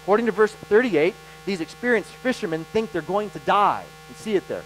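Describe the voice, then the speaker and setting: A man preaching a sermon as pastor, animated and emphatic, with dramatic pauses. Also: high voice, a little hiss or hum, low-quality recording.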